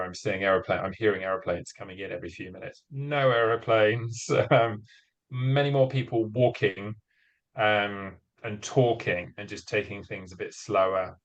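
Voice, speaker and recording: A man's voice: on the low side, steady tone, normal speed, dull audio. A man in a community group video call, describing his rural home in a rambling way with many fillers.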